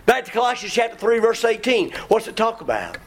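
Very high-voiced and very animated, a middle-aged man delivers a sermon a little fast. He quotes scripture, speaks in a folksy, emphatic way, and dramatizes his listeners by shouting in imitation of congregants.

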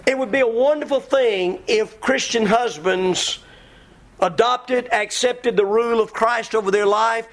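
Folksy middle-aged preacher guy, pretty high voice, emphatic, preaching to the church. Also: measured pace. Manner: folksy, emphatic, mimics congregants with shouts. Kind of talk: sermon.

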